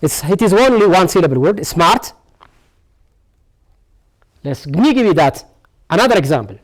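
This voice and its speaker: A man's voice: sits high, big pitch swings, normal speed. A man teaching an English lesson, drilling each word over and over and asking rhetorical "what?" questions. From Ethiopia. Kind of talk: televised classroom lesson.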